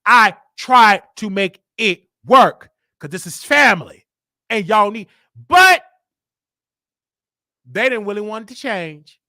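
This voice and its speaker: A man's voice: sits high, expressive, takes it slowly, pushed and bright, no room sound, studio quality. A man from Chicago hosting his own show, telling a personal story in a casual, emphatic way and repeating lines for effect. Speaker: show host.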